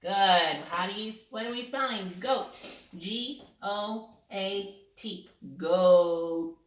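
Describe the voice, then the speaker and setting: A woman's voice: medium pitch, slow, bright, forceful tone, roomy sound. A woman teaching a young child to spell simple words, patient and encouraging, sounding out letters one by one.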